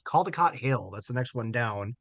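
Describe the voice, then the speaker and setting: A man in loose, profane casual chat as a guest, joking and quick to laugh while reading ghost stories aloud. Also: mid-range voice, animated, fairly bright tone, no echo. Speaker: guest co-host.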